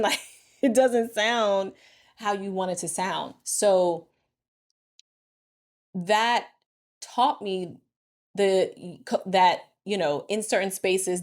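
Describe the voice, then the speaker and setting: Expressive woman with a slightly low voice. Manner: expressive, animated, thinking aloud with many "like"s. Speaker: vlogger and marriage coach. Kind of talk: reflective casual talk to camera.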